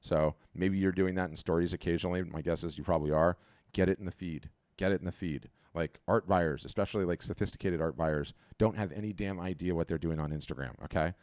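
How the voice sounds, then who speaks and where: A low-voiced man hosts a live webinar over a video call from home, his mic close and dry. He talks in an animated, chatty flow, often repeating himself and restarting sentences as he gives his feedback on the fly. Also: fast, no echo. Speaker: webinar host auditing artist profiles. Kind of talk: casual live webinar commentary.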